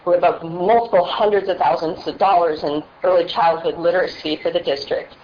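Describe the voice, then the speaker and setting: A woman's voice: fairly low pitch, fairly even intonation, fairly quick. Woman at a public hearing podium, emotional and earnest; dull lo-fi room recording with light hiss. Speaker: foundation representative giving public comment. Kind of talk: public comment at a board hearing. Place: public board meeting room. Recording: muffled meeting-room audio with faint hiss.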